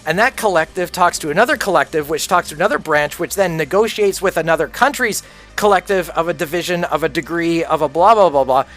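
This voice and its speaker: Blunt, profane man with a high voice. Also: quick pace, a bit bright, soft background music. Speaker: livestreamer. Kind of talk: casual rant while gaming.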